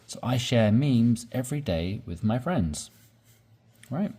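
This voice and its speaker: A man's voice: medium pitch, lively intonation, slow pace, warm tone, slight background noise. A man teaching English conversation, explaining sentence structure step by step and often checking in with "right?".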